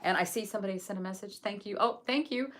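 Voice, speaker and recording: A woman from England reading a sacred text aloud and then chatting gently and effusively with viewers on a live stream. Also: medium pitch, fast, slight background noise. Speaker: host of a live book study.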